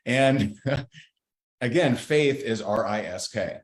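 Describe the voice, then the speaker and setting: A man's voice: on the low side, slow. A man guest on a podcast, candidly telling a faith story in an earnest, blunt way. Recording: roomy echo.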